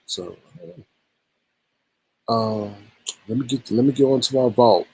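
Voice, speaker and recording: A man's voice: mid-range voice, expressive, moderate pace, pauses often, warm tone, breathy edge, dry recording, poor audio. A man hosting a live-stream gossip commentary show, teasing and exclaiming as he greets the chat and runs through the night's topics. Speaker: host.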